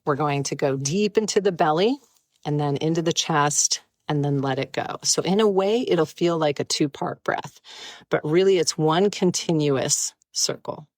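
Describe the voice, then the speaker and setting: Low-voiced woman guiding breathwork. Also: no room sound. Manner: gentle, playful, unhurried guidance. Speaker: breathwork guide. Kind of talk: guided breathwork instruction. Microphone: close mic, live stream.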